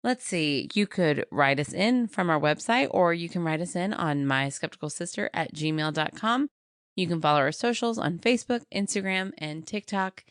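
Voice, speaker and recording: A woman's voice: on the low side, animated, moderate pace, clear, resonant tone, dry recording, clean studio sound. A woman co-hosting a podcast in casual chat, rambling and giggling as she reads out thanks and plugs. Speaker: podcast co-host.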